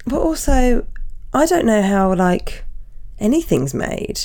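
A woman chatting casually as a podcast co-host, relaxed and teasing with dry jokes. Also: on the high side, slow. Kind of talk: casual chat.

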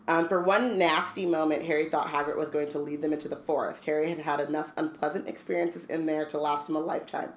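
A woman's voice: deep voice, steady tone, fast talker, hardly any pauses, slight background noise. A woman reading a book aloud on a podcast with casual asides and filler ums. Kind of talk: casual book read-along chat. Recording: roomy echo.

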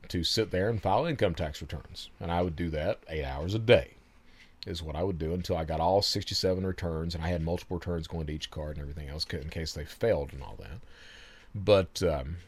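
Man, low voice, swings up and down a lot, casual storytelling, laughs often. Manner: animated, laughs often, swears freely. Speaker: guest.

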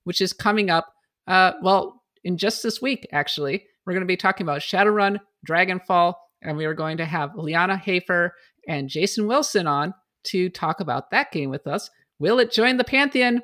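Upbeat woman hosting a podcast, lower pitch. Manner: upbeat, reads show notes and shout-outs briskly. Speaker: podcast host. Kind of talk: casual podcast chat.

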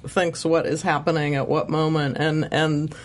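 A woman's voice: low-pitched, little pitch movement, moderate pace. A woman, a writer on the show, chatting as a guest, thoughtful and often laughing, with many restarts. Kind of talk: casual chat.

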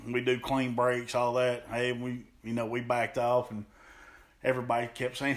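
Man, pro wrestler, podcast guest, animated storyteller, mid-pitched voice. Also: normal speed. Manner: animated, acts out quotes, laughs often. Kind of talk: storytelling in an interview.

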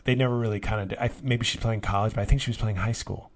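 Gravelly, rambling comedian in his forties. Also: medium pitch, fast talker, hardly any pauses. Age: 40s. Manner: rambling, self-mocking, swings to loud excited yelling. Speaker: podcast host, comedian. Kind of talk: solo comedic podcast monologue.

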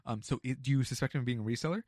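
A young man, a retail store worker, casually telling an animated work story, acting out quotes and swearing freely. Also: medium pitch, rapid-fire, no room sound, clean studio sound.

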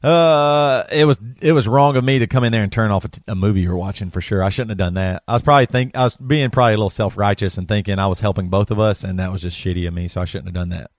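A man's voice: on the low side, fast talker, few pauses, no room sound, clean studio sound. A man with a South Carolina accent, hosting a podcast in casual, rambling talk that is full of restarts. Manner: rambling, self-correcting, laughs often. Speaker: podcast host.

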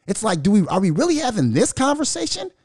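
A man's voice: high voice, wildly swooping pitch, quick pace, a little mellow, breathy edge, no room sound, studio quality. A man hosting a podcast, ranting in a profane monologue and mocking the voices of others. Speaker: podcast host.

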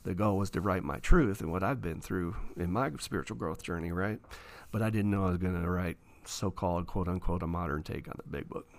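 Low, creaky, and slightly fast, this author speaks with few pauses as a studio interview guest. He tells his story animatedly and acts out the lines people said.

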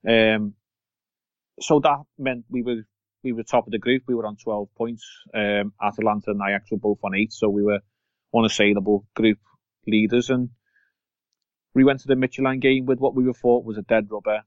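A man's voice: fairly low pitch, little pitch movement, normal speed, dry recording. A man co-hosting a casual football podcast, rambling with fillers and restarts. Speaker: podcast co-host. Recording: dull lo-fi sound.

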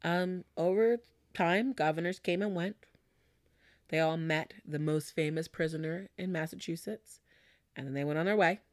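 A woman host recounts a story in a relaxed, chatty way, with lots of fillers. Her voice is on the low side and the sound is dry and close. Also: moderate pace, dry recording. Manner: conversational, with frequent fillers and laughs. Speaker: podcast host. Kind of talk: casual storytelling chat.

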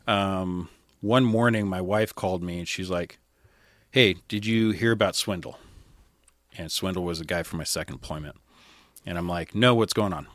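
Low-voiced man telling his story candidly. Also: a bit bright, no room sound, clean studio sound. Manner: candid, conversational, quoting others as he tells it. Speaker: podcast guest, firefighter. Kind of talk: casual storytelling.

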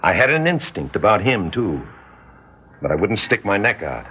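A man's voice: on the low side, very animated, normal speed, a little hiss or hum. A man playing an insistent, probing psychologist in an old radio drama, talking in an intense, persuasive way. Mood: urgent. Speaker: doctor and hypnotist. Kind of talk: 1950s radio drama acting. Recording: dull lo-fi old radio recording.

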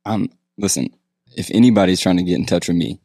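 Dry-humored deep-voiced guest. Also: male voice, steady tone, fast, gravelly, mellow, no room sound. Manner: dry, joking, easygoing. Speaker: guest, marketing business owner. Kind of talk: casual interview chat.

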